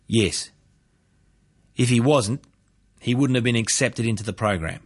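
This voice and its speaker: A man doing a calm, matter-of-fact doctor. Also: medium pitch, a little slow. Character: calm male doctor, expert witness.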